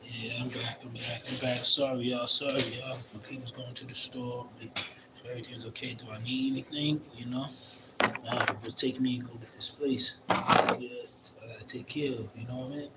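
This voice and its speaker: Streaming live outside in the cold, this man tells a long, loose, rambling story in blunt, profane street talk, constantly repeating "you know what I mean." His mid-range voice has fairly even intonation and normal speed. It's a casual livestream monologue, with heavy background noise.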